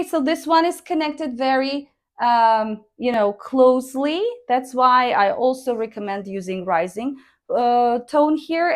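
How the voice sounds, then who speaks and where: Slow-dictating woman teaching intonation. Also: on the high side. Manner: dictates slowly word by word, demonstrating intonation. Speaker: English speaking teacher. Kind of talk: slow dictation and pronunciation lesson.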